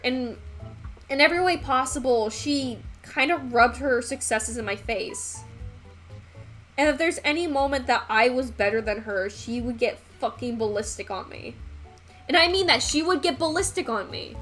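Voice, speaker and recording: A young woman with a somewhat high voice, chatting casually on a live stream while she paints. She rambles along, full of "um" and "like" and the odd curse, over faint music in the background. Her delivery stays loose and conversational. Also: a bit bright. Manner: rambling and chatty, with frequent fillers and swearing.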